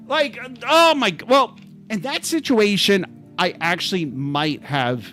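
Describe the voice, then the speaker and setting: A man's voice: sits high, sharp tone. A man hosting a livestream, telling a travel story to his chat in a rambling, self-interrupting way. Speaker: livestream host. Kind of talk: casual storytelling to a live chat.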